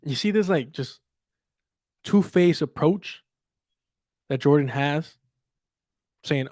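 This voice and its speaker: A man's voice: medium pitch, measured pace, long pauses, a little mellow, no echo, studio quality. A young man giving angry, profane political commentary, mocking others with sarcastic quotes.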